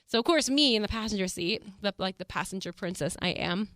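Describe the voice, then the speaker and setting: A woman's voice: medium pitch, expressive, fairly quick, fairly bright tone, dry recording, studio quality. A young adult woman hosting her own podcast, chatting casually and animatedly, swearing freely and saying "like" a lot. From Texas. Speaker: podcast host. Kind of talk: casual solo podcast chat.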